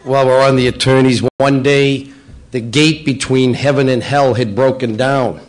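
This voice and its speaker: Brief: middle-aged man roasting local officials, playful, jokey, mid-pitched, in a banquet room. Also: steady tone, moderate pace. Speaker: local politician speaking at a breakfast. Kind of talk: roast-style joke telling. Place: banquet room at a public breakfast.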